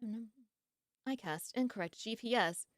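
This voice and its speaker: A woman's voice: fairly high pitch, normal speed, no room sound, clean studio sound. A woman streamer in casual live-stream chat, playful and jokey, laughing often and yawning sleepily.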